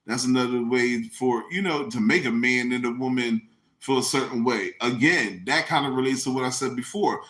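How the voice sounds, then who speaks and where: A man's voice: mid-range voice, moderate pace. A man hosting a podcast, ranting in a casual, comedic, and profane way. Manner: animated, profane, mocking. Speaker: podcast host. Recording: echoey room.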